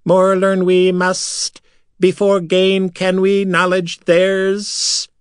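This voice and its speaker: A man's voice: sits high, completely flat delivery, extremely slow, clear, resonant tone, dry recording, clean studio sound, voice pushed up. A man voicing hissing, curious metallic creatures that speak in scrambled word order and end lines with "yes?". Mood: eager.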